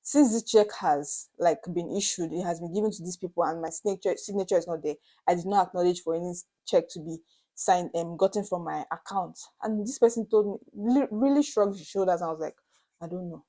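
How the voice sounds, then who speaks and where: A young Nigerian woman vlogger retelling a story to her viewers in an animated, dramatic way, slipping into Pidgin asides. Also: lowish voice, a little fast. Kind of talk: storytelling to camera.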